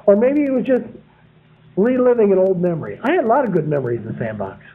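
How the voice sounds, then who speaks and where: A man's voice: high-pitched, sing-song, fast talker. A man giving a folksy, rambling sermon full of homespun stories, chuckling at his own anecdotes. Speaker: preacher. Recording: phone-like narrow sound.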